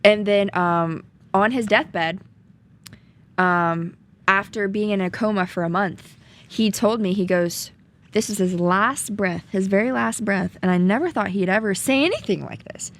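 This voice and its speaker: A woman's voice: mid-range voice, unhurried. A young woman with a slight Southern accent, telling her story as a podcast guest in an earnest, chatty way with frequent ums. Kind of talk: casual storytelling chat.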